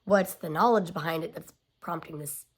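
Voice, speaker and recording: A woman's voice: sits low, moderate pace, breathy edge. A woman in her thirties telling a personal family story in a confiding way, often dropping to a near-whisper.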